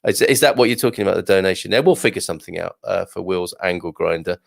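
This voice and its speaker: A man's voice: deep voice, fast talker, creaky, no room sound. A man hosting a casual live show, reading out viewer comments and chatting back in a jokey way with lots of fillers and restarts. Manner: reads viewer comments aloud.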